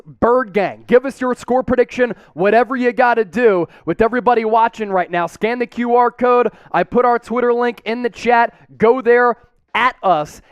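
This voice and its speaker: A man hosting a fan watch-party stream, calling plays and reading out chat shout-outs with hyped cheers. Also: high voice, smooth, dry recording.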